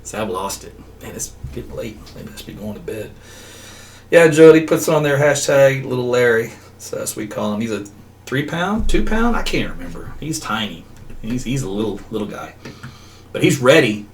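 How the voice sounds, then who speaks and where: Here the meteorologist host speaks at a moderate pace in a medium pitch that swings widely, drifting off topic and laughing frequently on his casual livestream. He's a middle-aged man, heard through a slightly distant mic with a little background noise.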